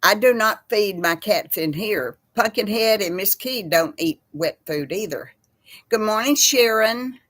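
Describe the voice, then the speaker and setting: A woman's voice: medium pitch, lively intonation, a little slow, a bit bright, no echo. A middle-aged woman hosting a casual livestream chat, rambling from topic to topic and greeting viewers by name. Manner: rambling, chatty, laughs easily. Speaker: host.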